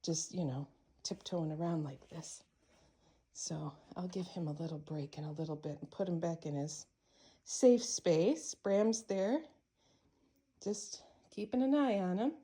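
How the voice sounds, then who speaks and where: A woman filming a casual vlog while looking after her cats, speaking softly, cooing to them and pausing often with fillers. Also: fairly low pitch. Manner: hesitant, with many fillers. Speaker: cat caretaker.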